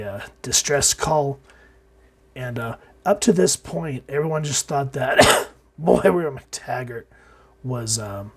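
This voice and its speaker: Husky-voiced man, sick and coughing. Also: mid-range voice. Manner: rambling, frequent fillers and restarts. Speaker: comic book reviewer, channel host. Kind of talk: casual comic review.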